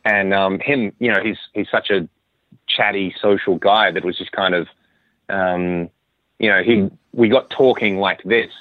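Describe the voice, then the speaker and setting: An Australian man, a guest musician, telling a long story in a relaxed, rambling way with frequent restarts. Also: low-pitched, measured pace, no room sound. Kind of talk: casual interview chat. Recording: tinny phone-line sound, dry.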